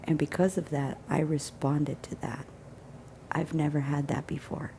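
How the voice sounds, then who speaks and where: A woman with a low, gravelly, mellow voice tells a personal story straight to camera. She speaks earnestly and with emphasis, often sinking into a hushed near-whisper. A faint hum of noise sits behind her. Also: flat delivery, a little slow. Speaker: vlogger. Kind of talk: casual vlog storytelling.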